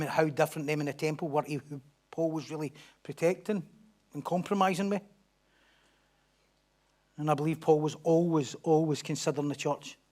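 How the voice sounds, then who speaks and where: A man preaching a sermon as pastor, animated, acting out crowd voices and swinging from loud declarations to hushed asides. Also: on the high side. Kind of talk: expository sermon.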